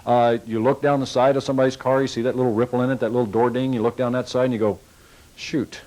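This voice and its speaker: A man with a folksy, coaching way of talking leads a sales training session, speaking at an ordinary middle pitch. He walks his audience through techniques and slips into short acted-out exchanges with customers. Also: level tone, very fast, a little mellow, poor audio.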